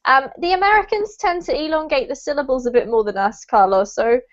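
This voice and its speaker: A woman's voice: high-pitched, fairly quick, highs cut off. A British woman from the UK running an online pronunciation class, chatty and encouraging with frequent ums. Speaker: English pronunciation teacher. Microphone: video call.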